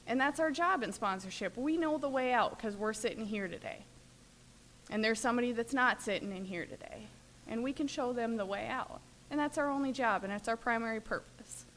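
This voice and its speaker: A woman's voice: fairly high pitch, brisk, fairly bright tone, slight background noise. A woman from Minnesota speaking at a recovery workshop, telling stories in a chatty way full of fillers. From Minnesota, USA. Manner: chatty storyteller, many fillers. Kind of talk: recovery talk, personal sharing.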